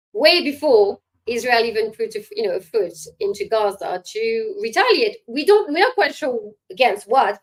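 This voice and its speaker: A middle-aged woman answering interview questions, emphatic and sarcastic, pausing often with fillers. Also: mid-range voice. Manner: hesitant with many fillers. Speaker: guest commentator.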